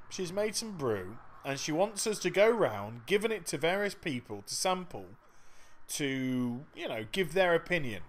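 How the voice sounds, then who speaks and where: Lively sarcastic man narrating gameplay. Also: fairly high pitch. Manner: chatty and sarcastic, with frequent laughs. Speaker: gaming video host. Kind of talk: game walkthrough commentary.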